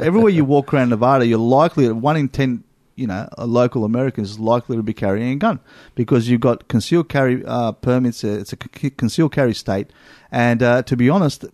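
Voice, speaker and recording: A man with an Australian accent, hosting a casual chat and telling animated travel stories full of asides. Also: medium pitch, dry recording. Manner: animated storyteller, lots of "you know what?".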